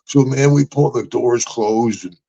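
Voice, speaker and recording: A man's voice: medium pitch, unhurried, creaky, warm tone, lo-fi sound. An older man hosting a podcast, rambling through stories with laughs and calling people brother and man. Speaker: podcast host. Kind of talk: casual storytelling chat.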